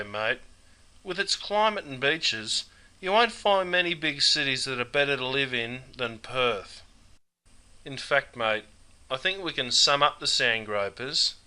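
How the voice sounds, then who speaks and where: A man's voice: mid-range voice, bright, forceful tone, clean tone. A man with an Australian accent narrating a scripted, jokey lesson on slang, full of broad slang and calling the listener mate all the time. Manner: matey, broad slang, says mate constantly. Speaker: English teacher.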